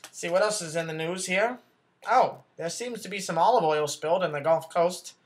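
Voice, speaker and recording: A man's voice: high voice, moderate pace, close to an everyday voice. Man playing a bumbling self-important news anchor. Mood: flustered. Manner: rambling, flustered, corrects himself, talks back off-camera. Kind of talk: comedy sketch acting.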